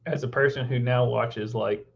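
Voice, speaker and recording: A man's voice: medium pitch, steady tone, moderate pace, creaky. A man co-hosting a casual chat, rambling and circling back to repeat his words. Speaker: podcast co-host. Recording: dull lo-fi recording.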